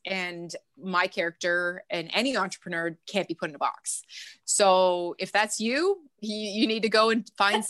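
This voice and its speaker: Woman coach on a podcast, bright tense voice, dry close sound, chatty, laughs a lot. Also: medium pitch, no room sound. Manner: lively storyteller, laughs often. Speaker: mindset coach, podcast guest. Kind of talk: casual podcast interview.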